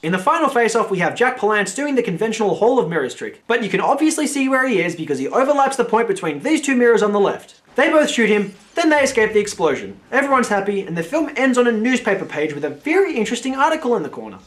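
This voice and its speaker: A man's voice: sits high, very animated, fast talker, hardly any pauses, a bit bright. A man hosting a film review video, giving blunt, sarcastic scripted commentary and swearing casually.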